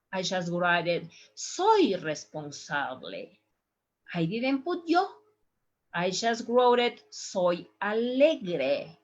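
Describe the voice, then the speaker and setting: Slow, lively Ecuadorian woman teaching. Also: mid-range voice, highs cut off. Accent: Ecuadorian Spanish. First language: Spanish. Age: young adult. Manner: slow, deliberate modeling of pronunciation. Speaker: Spanish teacher. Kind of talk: slide-based language lesson.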